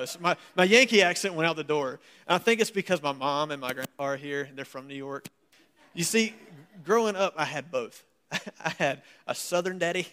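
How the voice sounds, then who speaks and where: Male pastor, sermon, folksy and animated, slightly higher voice. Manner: folksy, animated and joking, reading scripture aloud. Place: church service.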